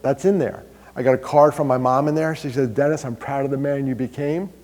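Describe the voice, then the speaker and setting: Animated man speaking in a reverberant hall. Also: mid-range voice, brisk. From New York. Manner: animated storyteller, quizzes the crowd, jokes about himself. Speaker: mental health speaker. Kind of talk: live motivational talk to an audience. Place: large hall with an audience.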